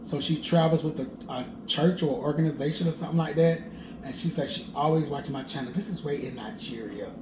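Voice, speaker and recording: A man's voice: on the high side, a little fast. A man chatting casually while cooking in his home kitchen, playful and sing-song, laughing often, filmed by a camera set at a distance. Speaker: cooking vlogger. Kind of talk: casual cooking vlog chat. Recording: echoey kitchen with background noise.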